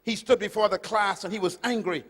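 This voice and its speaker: High-voiced preacher in a hall. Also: male voice, brisk. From Caribbean island. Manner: emphatic preaching, big swings from loud to hushed. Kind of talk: sermon.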